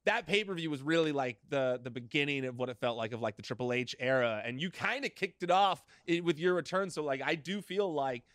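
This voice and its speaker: Male interview host, chatty and rambling, slightly higher voice, dry close sound on a video call. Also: expressive, a little fast, hardly any pauses, a bit bright, no echo. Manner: chatty, heavy use of "like" and "you know". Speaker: podcast host. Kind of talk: casual interview chat.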